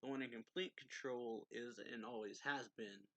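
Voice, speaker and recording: A man's voice: medium pitch, normal speed, a bit bright, close to an everyday voice. A man voicing an aloof, haughty male vampire noble who speaks in a cold, dismissive way.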